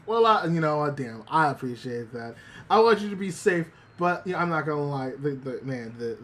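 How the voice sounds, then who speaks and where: A man's voice: a little high, animated, a little fast, a bit bright. A man streaming live, chatting casually with his chat and retelling an anime episode, with many restarts and some swearing. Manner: talks to chat directly.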